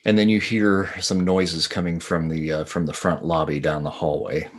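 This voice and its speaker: A man narrating as game master, calmly describing scenes to the players. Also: deep voice, moderate pace.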